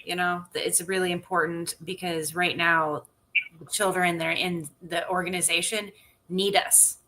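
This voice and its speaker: A woman's voice: on the low side, flat delivery, normal speed, pushed and bright. A woman guest on a talk show, speaking earnestly and briefly. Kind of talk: casual chat.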